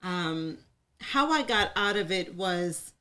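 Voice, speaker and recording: A woman's voice: on the low side, animated, slow, pushed and bright. A woman co-hosting a live talk circle, speaking openly about personal matters. She is chatty and candid and laughs easily as she shares. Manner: open, chatty, laughs often, calls herself an oversharer. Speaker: co-host. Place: room with a live audience.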